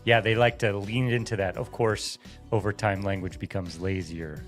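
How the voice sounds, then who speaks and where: A man's voice: lowish voice, steady tone, moderate pace, faint music behind. An American man co-hosting a radio show, making dry wisecracks in casual chat. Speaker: radio co-host.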